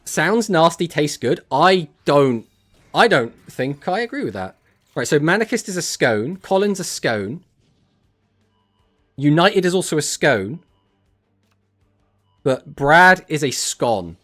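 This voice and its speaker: An English man casts a card tournament on a live stream and talks with his viewers. He jokes around and answers their messages, and his voice swoops up and down in pitch. Faint music plays underneath him as he speaks into a desk mic. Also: lively intonation, moderate pace, a bit bright. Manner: chatty and joking, reads chat messages aloud and answers them. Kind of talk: casual live-stream chat.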